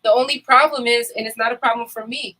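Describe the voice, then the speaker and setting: A woman's voice: fairly high pitch, steady tone, fast talker, pushed and bright, rough recording. A woman in candid casual chat, talking bluntly and emphatically with frequent swearing. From United States.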